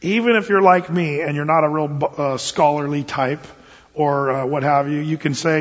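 A man's voice: a little high, normal speed, breathy edge. A man preaching a sermon as a pastor, in a folksy, self-deprecating, conversational way. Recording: dull lo-fi, long hall reverb.

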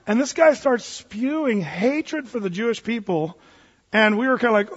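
A man's voice: sits high, moderate pace. A man preaching a sermon, telling stories animatedly and acting out the people in them. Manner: animated storytelling, acts out quoted voices. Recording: dull lo-fi sound in a reverberant hall.

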